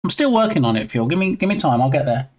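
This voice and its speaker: A man's voice: fairly high pitch, very animated, quick pace, darkish tone. A man streaming live while he works on his game, chatting casually and answering viewers in a self-deprecating way.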